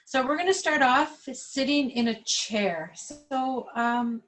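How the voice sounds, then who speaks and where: A woman yoga instructor leading a class over a webcam, giving calm, slow guided instructions. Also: high-pitched, poor audio.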